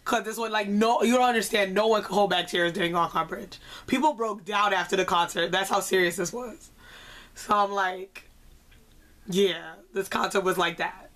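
A young woman vlogger giving an excitable, chatty concert review, full of "like". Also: medium pitch, moderate pace. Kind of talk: casual concert review vlog.

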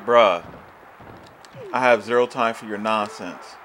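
A man's voice: lowish voice, measured pace, noisy background. A young man giving profane, frustrated let's-play commentary on a wrestling video game, ranting and swearing as he plays. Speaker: gaming YouTuber.

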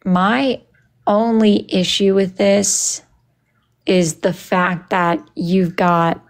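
A woman's voice: medium pitch, fairly even intonation, extremely slow. A young woman hosting a casual livestream, reading viewer comments aloud in a sassy, dramatic, playful way. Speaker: livestream host.

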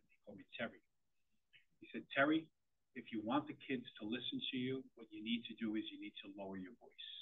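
A man speaks to a room of parents in a conversational style, restarting his sentences with repeated words. His voice is a little husky and sits at an ordinary pitch. The sound is thin and tinny, like a phone line. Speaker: parent forum presenter. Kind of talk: presentation to parents.

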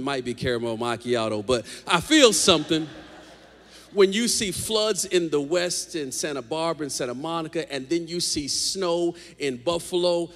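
A man preaching a lively sermon as pastor, joking with the congregation in a large church. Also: fairly high pitch. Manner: animated preaching, jokes with the congregation. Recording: long hall reverb.

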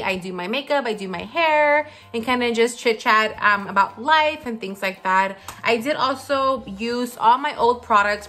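A woman beauty vlogger chatting casually while she does her makeup, rambling with lots of fillers, her voice low from the morning. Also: pushed and bright. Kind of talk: casual get-ready-with-me chat. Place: home, seated at a filming setup.

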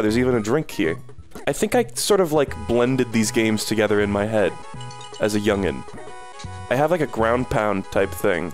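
A young adult man giving casual, sarcastic commentary while streaming a video game. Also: on the low side. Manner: playful, sarcastic, quick asides. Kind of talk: casual let's-play commentary.

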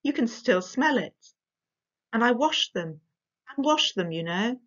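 A woman's voice: on the high side, big pitch swings, measured pace, voice pushed up. A woman voicing a determined, stubborn young girl in a storybook reading, speaking in an earnest, insistent, matter-of-fact way. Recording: dull lo-fi recording.

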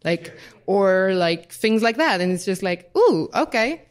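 A woman guest on a podcast panel who chats quickly and fills her talk with "like" and mock-cheery quotes. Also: mid-range voice, fairly even intonation. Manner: chatty, lots of "like", mock-cheery quoting. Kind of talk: casual panel chat.

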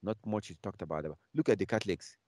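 A man teaching a bible class, emphatic and repetitive, reading scripture aloud slowly and repeating key phrases again and again. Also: lowish voice, darkish tone, slight background noise.

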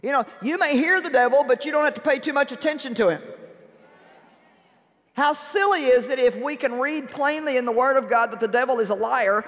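A woman preacher giving a sermon in an animated, humorous and emphatic way in a large church. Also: sits high, long reverb tail.

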